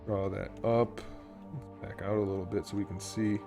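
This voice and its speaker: A man's voice: fairly low pitch, flat delivery, normal speed, music in the background. A man hosting a casual modeling tutorial, rambling and thinking aloud while he works. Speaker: YouTube host and 3D modeler.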